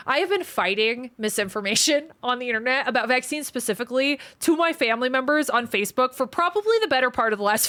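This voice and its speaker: Reading viewer comments aloud during a relaxed live stream, this surgical trainee is outspoken, foul-mouthed, and quick to vent. Her voice leans high and fairly bright, and the recording is dry.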